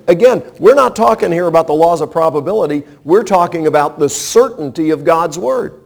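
A male pastor delivers a sermon with a high-pitched voice. He is emphatic and talks straight to his listeners, leaning on rhetorical questions. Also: lively intonation, brisk, gravelly, hardly any pauses, darkish tone.

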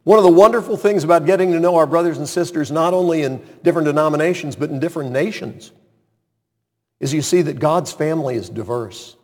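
A man's voice: on the high side, fast, in a large hall. An older man preaching a conversational sermon as pastor, dropping into muttered asides when he mimics doubters.

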